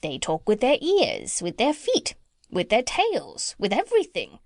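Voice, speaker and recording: A woman voicing a bossy, talkative female parrot in a storybook reading, who chatters and squawks high bird sounds. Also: huge pitch swings, unhurried, gravelly, no room sound, clean studio sound, heavily acted. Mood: insistent.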